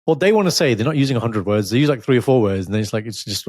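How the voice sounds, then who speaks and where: A man co-hosting a podcast, telling stories in an animated, casual way and laughing as he goes. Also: medium pitch, very fast, no echo, studio quality. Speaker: podcast co-host. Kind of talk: casual chat.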